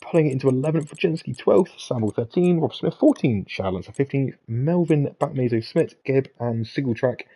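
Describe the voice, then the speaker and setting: Lively English man on race commentary. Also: medium pitch, moderate pace, few pauses, breathy edge. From England. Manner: jokey banter with excited outbursts. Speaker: league commentator. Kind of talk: live sim racing commentary.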